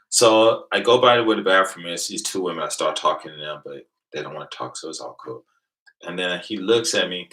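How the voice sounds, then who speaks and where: Deep-voiced guy from venice ca, bright forceful tone, brash story, mumbles then yells. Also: normal speed, rough recording. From Venice, California. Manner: animated, swings between low mutters and loud outbursts; profane and boastful. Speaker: livestream host. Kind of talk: casual storytelling.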